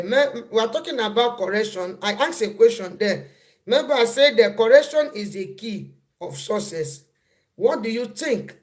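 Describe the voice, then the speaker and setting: A woman hosting a casual live stream, repeating phrases and breaking off to greet viewers as they arrive. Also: on the high side.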